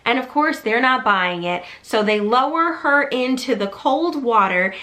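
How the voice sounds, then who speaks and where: A woman's voice: fairly high pitch, expressive, a little slow, bright, forceful tone. A woman casually retelling a movie plot in a chatty, enthusiastic vlog. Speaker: movie storyteller vlogger.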